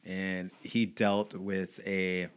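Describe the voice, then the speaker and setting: A man's voice: deep voice, flat delivery, extremely slow, clear, resonant tone. A man in his late thirties, an evangelist and motivational speaker, talking openly and reflectively as a podcast guest and laughing often. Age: late 30s. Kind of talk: casual chat.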